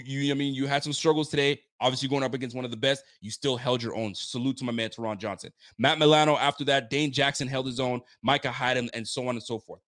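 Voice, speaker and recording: Male stream host, excitable football recap, dry close sound. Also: mid-range voice, dry recording. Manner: hyped, emphatic, joking and rhetorical. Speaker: fan channel host.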